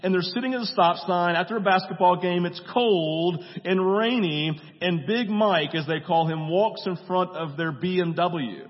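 A man preaching a sermon in a conversational way, often checking in with "right?" and briefly acting out movie dialogue. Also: high voice. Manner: acts out movie dialogue in quick voices. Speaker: pastor. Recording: dull sound with long hall reverb.

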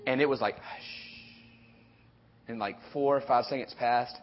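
Man, youth leader, casual storytelling, animated, dull lo-fi recording. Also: medium pitch. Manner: animated, quick retelling with acted-out quotes. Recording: dull lo-fi audio.

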